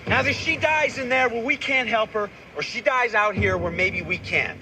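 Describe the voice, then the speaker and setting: A man's voice: high voice, normal speed, noisy background, lightly acted. An actor playing a young male lifeguard in a 1990s TV drama clip. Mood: urgent.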